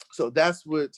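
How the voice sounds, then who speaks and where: An American man telling a lively road-trip story in casual conversation, getting worked up when he acts out arguments. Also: a little high, no echo. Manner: animated storyteller, rising sharply when acting out arguments. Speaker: guest telling a travel story. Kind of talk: casual storytelling in an online talk show.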